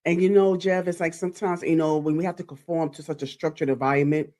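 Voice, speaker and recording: A woman content creator hosting a live stream, talking directly to her viewers in a chatty, animated way. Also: low voice, fast. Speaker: YouTube content creator celebrating her channel anniversary.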